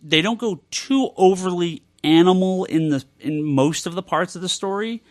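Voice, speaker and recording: A man's voice: high-pitched, moderate pace, no echo, studio quality. An American man co-hosting a podcast, talking casually in a rambling, enthusiastic way, often correcting himself. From United States. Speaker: podcast co-host. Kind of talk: casual chat.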